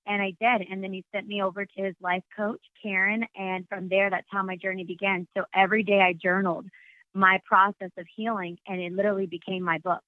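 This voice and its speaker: A woman's voice: mid-range voice, dry recording. A woman speaking as a guest author, sharing a personal testimony in an earnest, flowing way. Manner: earnest, flowing, faith-filled speech. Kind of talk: phone interview, personal testimony. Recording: tinny phone line.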